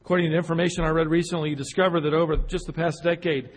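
A man's voice: fairly high pitch, fairly even intonation, very fast. A man delivering a sermon, telling a story with frequent restarts and repeated words, then building to emphatic peaks. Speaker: preacher. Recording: hall reverb.

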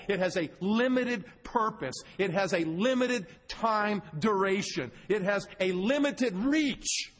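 Guy preaching, kinda high husky voice, big hall reverb, keeps asking the crowd questions. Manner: emphatic teaching, asks the congregation questions. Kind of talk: sermon.

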